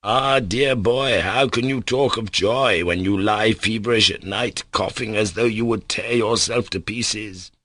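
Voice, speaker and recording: A man's voice: lowish voice, measured pace, hardly any pauses, a bit bright, dry recording, clean studio sound, pitched above the performer's own voice. A man voicing a loving mother who weeps over her sick son. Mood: worried, tender.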